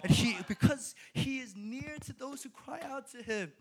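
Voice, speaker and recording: Young male preacher, high voice, animated, laughs often and stumbles into restarts. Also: normal speed. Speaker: speaker at a college ministry. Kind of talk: sermon.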